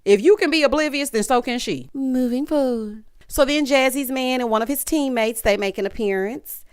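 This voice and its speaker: Woman, sassy recap commentary, high-ish voice, very clear. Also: a little fast. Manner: sassy, animated, mimics cast members in quoted voices. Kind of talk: casual reality-show recap commentary.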